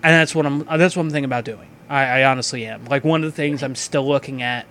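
A man hosting a podcast, chatting casually and reading sponsor spots in a loose, profane, excitable way. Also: medium pitch, fast talker. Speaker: podcast host.

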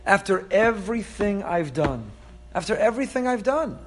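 Exasperated God, high and lifted as a man puts it on, firing incredulous questions at a faithless people. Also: very animated, moderate pace, a little hiss or hum. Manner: incredulous, emphatic rhetorical questions.

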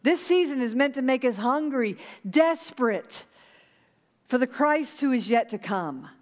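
A woman's voice: sits high, expressive, a little slow, big-room sound. A woman pastor preaching a sermon to her congregation, earnest and urging them to repeat a prayer. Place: church sanctuary.

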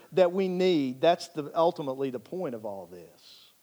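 A man's voice: a little high, sing-song, moderate pace, mellow. A male pastor preaching a sermon in an earnest, emphatic way, repeating phrases for emphasis.

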